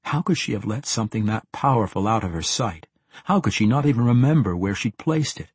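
A man narrating a fantasy audiobook in a steady, even-paced reading. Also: on the low side, a little fast, slightly rough, no room sound.

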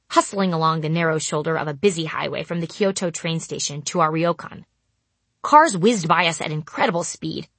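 Husky woman narrating dry comic tale. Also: fairly low pitch, dry recording. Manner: deadpan, dry comic delivery. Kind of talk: comic first-person storytelling.

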